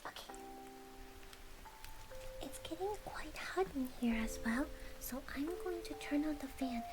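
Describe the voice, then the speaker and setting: A VTuber streamer does whispered, conversational ASMR, giggling and teasing as she shifts between soft whispers and brief voiced words. Her voice is high-pitched and a little slow, with soft music playing behind her.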